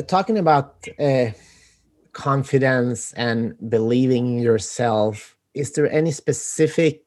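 Friendly podcast host asking halting questions. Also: male voice, mid-range voice. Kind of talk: interview questions. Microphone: video call.

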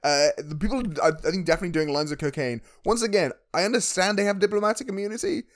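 A man co-hosting a podcast, jumping in with wry, teasing comments about a film. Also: high-pitched. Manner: quick interjecting, wry and teasing. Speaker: podcast co-host. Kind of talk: casual film discussion.

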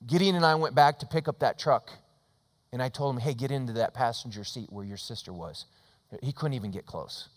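A middle-aged man preaching a sermon as a pastor. He tells a story and moves between loud, emphatic lines and hushed ones. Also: mid-range voice, fairly quick. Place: church sanctuary. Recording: long reverb of a church hall.

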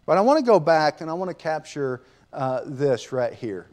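A man's voice: on the high side, big pitch swings, moderate pace, darkish tone. A man teaching a sermon lesson in a conversational way, asking his listeners rhetorical questions. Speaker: preacher.

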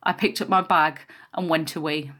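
A woman narrating a first-person memoir in a quiet, measured storytelling voice. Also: deep voice, steady tone.

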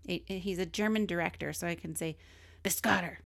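A woman co-hosting a relaxed chat podcast, her voice pitched low with a gravelly fry running through it. She reads through her prepared notes in a chatty way, stopping to explain things and laugh along. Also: fast talker. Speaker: podcast co-host. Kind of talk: casual chat, reading researched biography notes.

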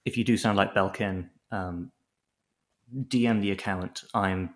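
A man's voice: deep voice, steady tone, measured pace. A man co-hosting a podcast in casual chat, joking and rambling with many restarts. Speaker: podcast co-host.

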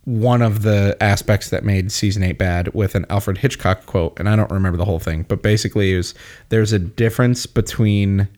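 A man's voice: fairly low pitch, fairly quick, darkish tone. A man chatting casually, rambling and swearing freely, often laughing as he explains things. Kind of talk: casual chat.

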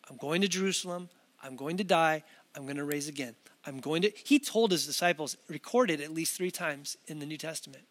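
High-voiced man preaching conversationally. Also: brisk, a bit bright, big-room sound. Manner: conversational, acts out quoted voices. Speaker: pastor. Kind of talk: sermon.

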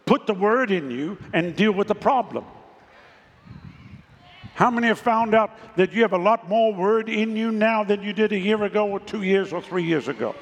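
High, gravelly-voiced man preaching in a hall. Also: expressive, normal speed. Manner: emphatic preaching, asks the congregation for responses. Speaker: pastor. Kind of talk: sermon. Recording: long reverb of a large hall.

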